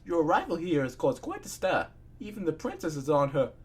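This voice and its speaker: Male reader doing a gentle, jittery pony doctor: husky, raised pitch, polite storybook voice. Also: wildly swooping pitch, a little fast, full character voice. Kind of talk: fan fiction read aloud.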